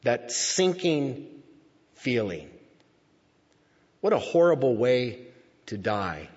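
A man delivers a sermon at an unhurried pace, his voice slightly husky as he draws out the words he wants to land. The recording is muffled and dull, with a long reverb trailing off around a church sanctuary. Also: mid-range voice, sing-song, darkish tone. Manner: slow deliberate preaching, drawn-out emphatic words. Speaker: pastor. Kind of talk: sermon reading and explaining scripture.

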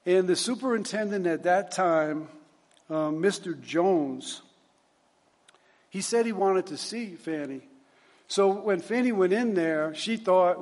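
A man with a fairly high speaking voice tells a story conversationally, backing up and restarting his phrases as he thinks aloud. His voice rings out into a hall with a long, lingering reverb. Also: takes it slowly, darkish tone. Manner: conversational, with frequent restarts and fillers. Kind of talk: storytelling talk.

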